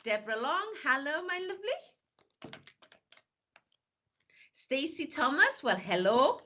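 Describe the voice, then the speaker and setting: A woman with a slightly high voice, chatting warmly with viewers as a psychic medium, calling each one "my lovely". Her live stream sound is dull and lo-fi, and her talk is loose and chatty. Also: very animated, slow. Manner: chatty, calls everyone "my lovely". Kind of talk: live-stream greetings and reading.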